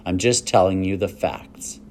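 A man's voice: sits low, fairly even intonation, unhurried, a little mellow, slight background noise. A man reading aloud and voicing an imaginative young farm girl, earnest and eager as she tells her tales.

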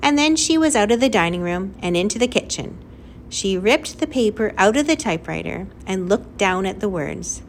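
A woman reading a children's novel aloud as narrator, in a clear, lively storytelling manner. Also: mid-range voice, moderate pace, slight background noise. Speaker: audiobook narrator. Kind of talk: scripted narration.

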